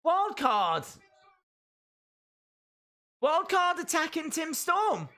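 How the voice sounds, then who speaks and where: A man hosting a live wrestling watch-along, calling the action and breaking into excited shouts. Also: very high-pitched, extremely slow. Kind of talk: live wrestling reaction commentary.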